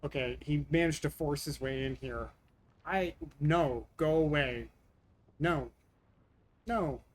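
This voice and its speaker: A man's voice: a little high, slow pace. Exasperated, swearing male streamer. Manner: exasperated, swearing, answering chat. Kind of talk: casual live-stream chat.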